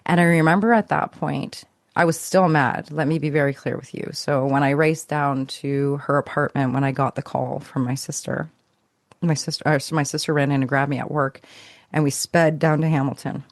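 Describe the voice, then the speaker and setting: A woman speaks as a podcast guest, recounting her own story with a gravelly edge to her voice. She talks in a reflective, searching way, restarting phrases and letting them trail off. The recording sounds dry and close. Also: low voice, fairly even intonation, moderate pace, no room sound. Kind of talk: personal storytelling.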